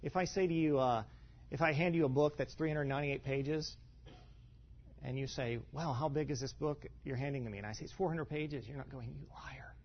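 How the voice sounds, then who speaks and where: Male pastor, higher voice, rambling teaching style with asides, muffled recording. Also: brisk. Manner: conversational, many fillers and restarts, rhetorical asides. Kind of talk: teaching talk to a congregation. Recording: dull lo-fi sound.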